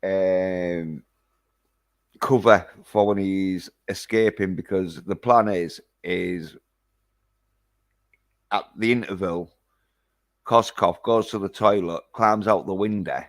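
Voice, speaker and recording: Guy retelling a movie plot, rambly and sweary, deep voice, takes his time. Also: takes it slowly, long pauses. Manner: rambling, hesitant, swears a lot. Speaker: film reviewer. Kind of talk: casual film recap.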